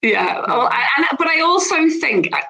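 A woman's voice: fairly high pitch, very animated, normal speed, vocal fry, bright, forceful tone, rough recording. A woman hosting a podcast, chatting in a reflective, encouraging way. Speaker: podcast host. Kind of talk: casual interview chat.

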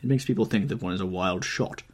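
A man's voice: deep voice, quick pace, slightly rough. A man voicing a worldly, cynical older aristocrat who speaks in a dismissive, urbane way. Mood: airy.

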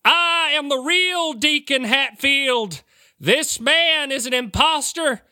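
A man putting on a pompous high-voiced fake preacher. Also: slow pace, bright, forceful tone, no echo, studio quality, exaggerated voice. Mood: grandiose. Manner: booming, grandiose, theatrical. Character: pompous fake deacon preaching to his flock. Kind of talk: improvised tabletop role-play.

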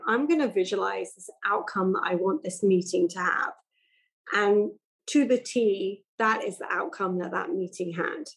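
Woman in her 40s, guest on a podcast, lively storyteller, average pitch. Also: poor audio. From England. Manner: animated storytelling, acts out quoted voices. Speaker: guest, entrepreneur and investor. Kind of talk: casual interview chat.

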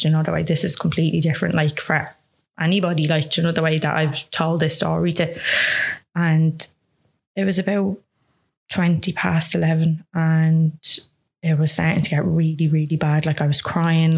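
Low, flat-voiced Irish woman telling her story. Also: normal speed. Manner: earnest, frank, lots of "like" fillers. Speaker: guest. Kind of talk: recounting a personal story in conversation.

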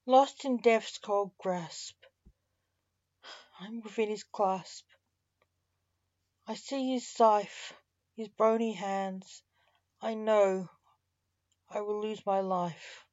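A woman's voice: mid-range voice, steady tone, extremely slow, long pauses, a little mellow, lo-fi sound. A woman doing a frightened young woman facing death. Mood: fearful.

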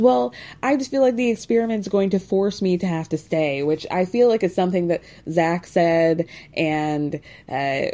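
A woman's voice: on the low side, warm tone. A woman hosting a podcast, recapping a reality show in a snarky, chatty way with many asides. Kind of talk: casual chat.

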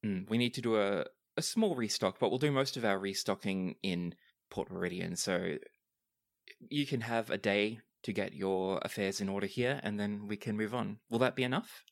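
A man's voice: lowish voice, normal speed, dry recording, clean studio sound. A man narrating as game master of a tabletop game, easygoing, with plenty of fillers.

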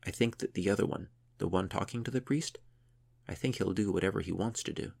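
A man voicing a frightened young woman held captive, speaking in a quiet, hushed way. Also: low voice, a little fast, gravelly, full character voice. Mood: hushed worry.

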